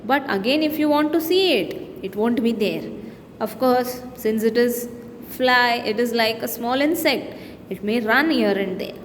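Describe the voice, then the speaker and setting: A woman's voice: a little high, measured pace. A woman teacher with an Indian English accent, reading poem lines aloud and explaining them in simple words to young students. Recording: long-reverb room with faint background noise.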